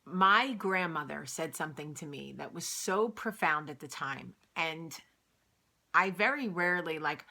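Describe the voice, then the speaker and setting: A woman's voice: deep voice, expressive, a little slow, creaky, pushed and bright. A woman in her late thirties hosting a vlog, chatting candidly with lots of fillers. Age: late 30s. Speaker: vlog host. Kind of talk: casual chat.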